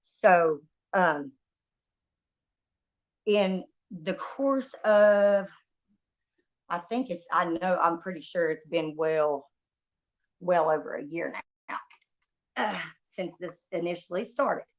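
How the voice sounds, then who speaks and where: A woman's voice: on the low side, slow, pauses often. A young woman streamer telling a story in a heated, profane rant, venting about a stolen ring. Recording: dull lo-fi stream audio.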